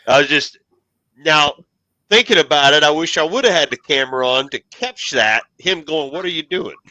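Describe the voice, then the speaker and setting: A man swaps garage stories in an easy, casual chat, poking fun at his own mistakes. His voice is very bright and forward. The sound is dry and close, with no room around it. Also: on the high side, animated, moderate pace, no echo, low-quality recording. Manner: self-mocking storyteller, swears casually. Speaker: car hobbyist show host.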